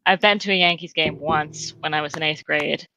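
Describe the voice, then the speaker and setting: Low-voiced woman chatting with hedges. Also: fairly even intonation, normal speed, gravelly, sharp tone, slight background noise. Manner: hedging, filler-heavy, thoughtful. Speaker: podcast guest. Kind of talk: casual chat.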